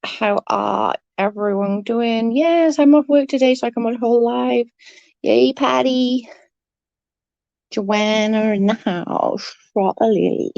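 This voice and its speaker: A woman's voice: on the high side, takes it slowly, gravelly, a little mellow, no echo, lo-fi sound. A woman streaming live, chatting casually and rambling with her viewers, swearing now and then.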